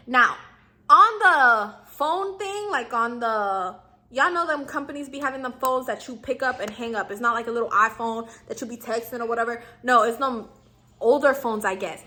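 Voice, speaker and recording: A woman's voice: high-pitched, bright, forceful tone. A young woman in her twenties giving casual, slangy customer service tips to her viewers and acting out lines for clerks and customers. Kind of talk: casual advice vlog.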